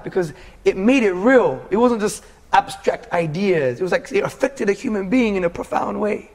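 A man's voice: high voice, normal speed, hardly any pauses. A man in his forties from England, earnestly telling his life story as a guest in a casual interview and calling the host bro.

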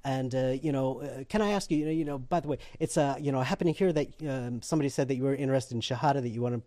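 A man telling a personal story in casual conversation, animated and laughing often as he acts out what other people said. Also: medium pitch, rapid-fire, no echo, studio quality.

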